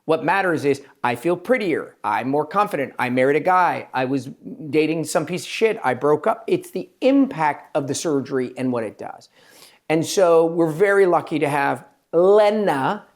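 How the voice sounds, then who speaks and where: A man, a plastic surgeon hosting a podcast, talking in an emphatic, rambling way and quoting his patients in quick asides. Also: on the high side, animated. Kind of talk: casual interview chat.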